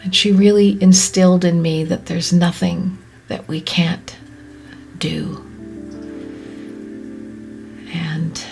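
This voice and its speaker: A woman hosting a podcast, speaking in a soft, often whispery, reflective way, her voice catching with emotion. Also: lowish voice, steady tone, slow pace, creaky, long pauses, faint music behind. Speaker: podcast host. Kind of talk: slow reflective monologue.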